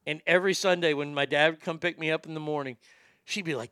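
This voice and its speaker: Bright, crisp-voiced male talk host. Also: on the high side, quick pace, no room sound, studio quality. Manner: animated, wry storyteller who swears freely. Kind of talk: casual storytelling and chat.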